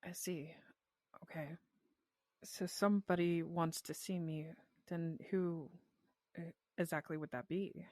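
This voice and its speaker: A woman voicing a polite, courtly male elf who speaks gently and a little hesitantly. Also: fairly low pitch, steady tone, takes it slowly, no echo, studio quality.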